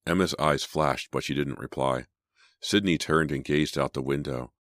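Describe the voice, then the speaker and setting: A man reading an audiobook with an unusually deep, low voice. His narration is measured and steady, recorded close and completely dry. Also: no room sound. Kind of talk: scripted narration.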